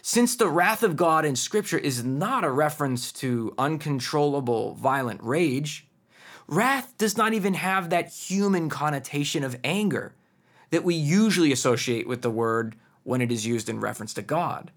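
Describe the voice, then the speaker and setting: A man's voice: fairly high pitch, lively intonation, moderate pace. A man preaching a sermon, earnest and emphatic, with pointed rhetorical questions.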